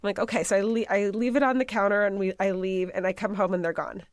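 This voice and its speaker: A woman's voice: mid-range voice, fairly even intonation, fast talker, slight background noise. A woman co-hosting a podcast in casual chat, blunt and salty-mouthed, moving the talk along. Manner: blunt and swearing, drives the topics. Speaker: podcast co-host.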